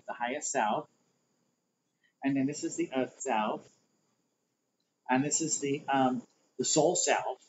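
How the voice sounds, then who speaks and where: A man with a fairly high voice leads a spiritual workshop on a livestream. He talks loosely, rambling through diagrams. The audio is dull and lo-fi, with a faint hiss behind it. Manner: rambling, conversational, explains while drawing diagrams. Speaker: spiritual teacher.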